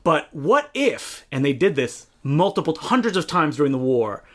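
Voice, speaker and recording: A man's voice: a little high, very animated, normal speed. A man co-hosting a podcast in casual chat, laughing often as he talks. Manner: laughs often while talking. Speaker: podcast co-host.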